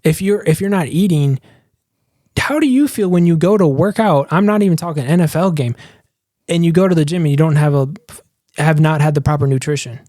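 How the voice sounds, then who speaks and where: A man co-hosting a sports podcast in casual chat, talking fast and emphatically, with frequent restarts. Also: on the high side, warm tone, no echo, clean studio sound. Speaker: podcast co-host.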